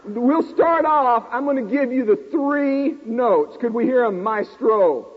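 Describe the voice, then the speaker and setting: A man in his forties preaching a sermon, an animated storyteller who pokes fun at himself in front of a live congregation. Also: extremely high pitch, a little slow. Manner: animated, self-deprecating storyteller talking to a live audience. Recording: tinny lo-fi recording in a reverberant hall.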